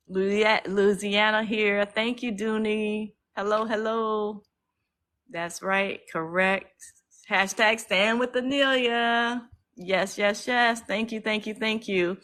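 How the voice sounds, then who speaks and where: This livestream host and activist talks slowly in a medium-pitched, slightly bright voice with fairly even intonation. Streaming casually from her phone, she is emotional and outspoken, curses freely and thanks viewers by reading their comments, though the audio is poor.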